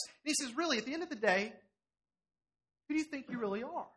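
A middle-aged man preaching a sermon to a congregation in a church, animated and challenging as he voices scripture. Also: very high voice, quick pace, pauses often. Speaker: pastor.

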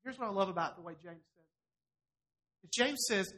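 A middle-aged pastor preaches to his church congregation, voicing scripture in an animated, challenging way. His voice is high-pitched and his pace is moderate.

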